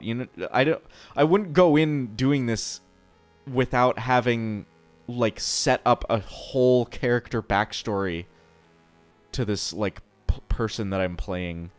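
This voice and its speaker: A man's voice: mid-range voice, slow pace, faint music behind. A man streaming live, chatting casually and answering chat, rambling and swearing freely.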